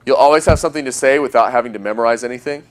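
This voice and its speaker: A man giving dating advice as a coach, talking emphatically and using long pauses for effect. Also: medium pitch, clean tone. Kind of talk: instructional talk.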